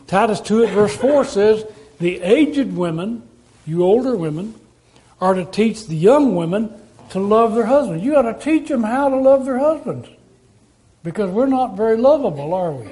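High-voiced preacher asking rhetorical questions. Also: male voice, moderate pace, a little mellow. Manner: conversational, asks the congregation rhetorical questions. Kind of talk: sermon.

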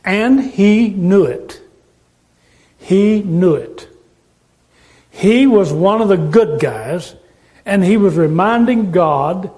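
Slow, high-voiced male preacher. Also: lively intonation, darkish tone. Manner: earnest, emphatic with rhetorical questions. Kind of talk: sermon.

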